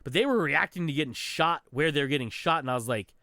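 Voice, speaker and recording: A man's voice: a little high, fast talker, no room sound, studio quality. A man co-hosting a podcast, telling gaming stories in casual chat, swearing and acting out quotes. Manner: animated storytelling, swearing, acts out quotes. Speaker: podcast co-host.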